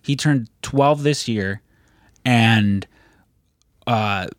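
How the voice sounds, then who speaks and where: A man's voice: mid-range voice, drawn-out words, no echo, studio quality. A man in casual podcast chat, telling loose, easygoing stories. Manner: easygoing storyteller, loose and rambling.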